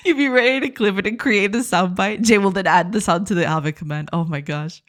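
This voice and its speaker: A woman's voice: medium pitch, fairly quick, few pauses. Giggly woman chatting on a stream. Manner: giggly, reads and greets chat. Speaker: game developer streamer. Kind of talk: casual live-stream chat.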